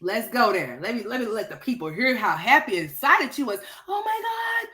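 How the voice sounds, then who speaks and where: A woman's voice: mid-range voice, expressive, a little fast, bright, forceful tone. A woman hosting gossip commentary over played clips, sassy and teasing, laughing often and calling people girl and honey. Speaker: commentary channel host.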